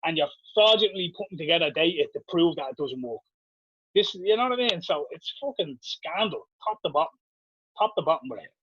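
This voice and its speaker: A man's voice: on the high side, expressive, a little fast, fairly bright tone, husky, no echo. An Irish man co-hosting a podcast, ranting with heavy swearing in casual chat. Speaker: podcast co-host. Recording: dull lo-fi dry sound.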